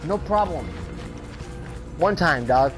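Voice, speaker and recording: This gaming streamer's voice is fairly high and lively, moving slowly over background music on a rough recording. Chatting in slang as he plays, he spins a long, swear-filled tale, circling back on himself and getting more and more worked up.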